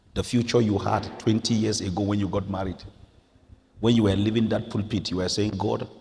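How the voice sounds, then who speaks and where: A man from Nigeria preaching a sermon as pastor, moving from quiet prayer to impassioned, near-shouted exhortation. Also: lowish voice, gravelly, in a large hall, a little hiss or hum. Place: church sanctuary.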